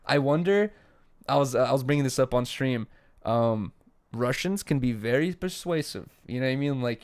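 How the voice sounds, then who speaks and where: A man's voice: medium pitch, lively intonation, moderate pace, darkish tone. Rambling young man on a casual podcast. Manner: rambling, filler-heavy, swearing. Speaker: podcast co-host. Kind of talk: casual chat.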